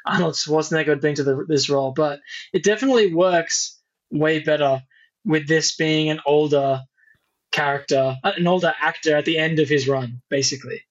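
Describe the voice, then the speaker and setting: A man's voice: a little high, moderate pace. A man co-hosting a movie podcast in casual chat, thoughtful and rambling, often restarting his sentences. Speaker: podcast co-host. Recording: dull lo-fi mic.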